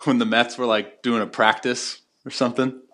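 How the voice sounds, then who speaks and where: A man's voice: medium pitch, little pitch movement, moderate pace, fairly bright tone. A young man in his twenties co-hosting a podcast, chatting casually in slang with lots of fillers and restarts. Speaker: podcast co-host. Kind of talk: casual chat.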